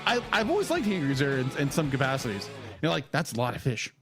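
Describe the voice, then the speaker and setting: A man's voice: mid-range voice, wildly swooping pitch, fast talker, music in the background. A young man co-hosting a podcast in casual chat, rambling and repeating himself, laughing often. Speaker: podcast co-host.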